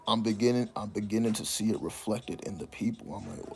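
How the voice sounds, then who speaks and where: A man telling stories in a casual, profane monologue, breaking into high laughing exclamations. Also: brisk, creaky, hardly any pauses. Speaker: channel host.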